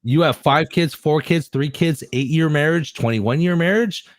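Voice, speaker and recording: A man in his forties, a podcast guest, chatting in an excitable, effusive way and swearing freely. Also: a little high, moderate pace, no room sound, clean studio sound. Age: 40s. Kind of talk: casual chat.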